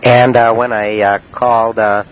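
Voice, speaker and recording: A man in a spoken-word monologue, recounting his prank calls in a halting, matter-of-fact way with many uhs and ums. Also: mid-range voice, little pitch movement, a little hiss or hum, poor audio. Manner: halting, full of uh and um.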